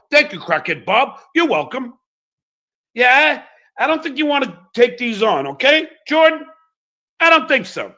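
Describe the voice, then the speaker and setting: Man, recorded rant, taunting tough-guy threats, high and very bright.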